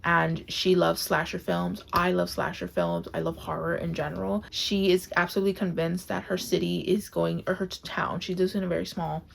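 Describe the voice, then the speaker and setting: Gushing woman with a gravelly low voice. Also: little pitch movement, normal speed, few pauses, a little hiss or hum. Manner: gushing, enthusiastic, emotional, many "like" fillers. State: tearful, close to crying. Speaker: book vlogger. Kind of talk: casual book review to camera. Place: home, on camera.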